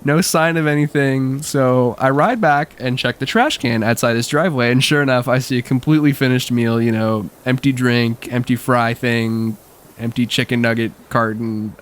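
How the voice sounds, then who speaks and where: A man's voice: medium pitch, normal speed. Wry young man telling a story. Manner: wry, laughing often. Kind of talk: casual personal storytelling.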